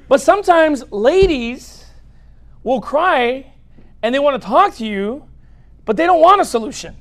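Animated joking male pastor preaching. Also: very high voice, measured pace, pauses often. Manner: animated, joking, speaks straight to the audience. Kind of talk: humorous sermon.

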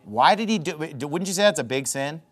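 A man's voice: a little high, expressive, a little fast. A man preaching a sermon as pastor, emphatic and repetitive, hammering his points home.

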